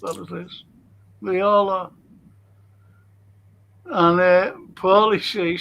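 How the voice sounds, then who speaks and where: A man's voice: high voice, creaky, fairly bright tone. A man hosting a casual chat show, reading out listener messages and telling jokey stories with frequent laughs. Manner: jokey, laughs often, slow storytelling. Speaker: host and historian.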